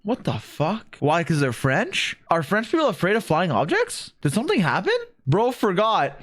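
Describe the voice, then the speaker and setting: A man's voice: high voice, huge pitch swings, normal speed, few pauses, a bit bright. A man streaming a game, reacting casually and swearing while he plays. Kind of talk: casual live-stream commentary.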